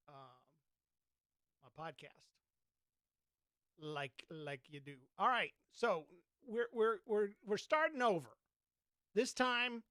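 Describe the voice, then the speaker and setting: A man's voice: fairly high pitch, a bit bright, clear, resonant tone, no echo, studio quality. A man with a Southern Georgia accent, a podcast host giving casual gameplay commentary and telling a story, folksy and chatty with mild oaths. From Georgia, USA.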